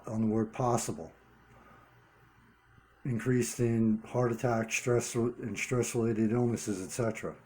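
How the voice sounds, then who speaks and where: Man, fairly low voice, warm and mellow; an earnest solo vlogger thinking aloud, restarting phrases and hammering single words. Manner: earnest, repeats key words for emphasis. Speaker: vlogger running a one-person channel. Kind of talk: unscripted commentary monologue.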